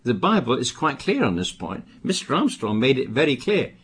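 An older man from Britain preaching a sermon, with emphatic bursts and quieter asides. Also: medium pitch, sing-song, normal speed, husky. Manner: emphatic, rising to stress warnings, then dropping to asides.

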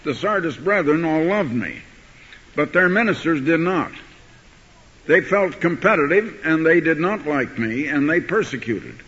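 A man preaching a sermon, telling a story and reading scripture, building to forceful emphasis on key words. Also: fairly high pitch, lively intonation, measured pace. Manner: rising to forceful emphasis when quoting scripture. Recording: dull archival recording in a hall.

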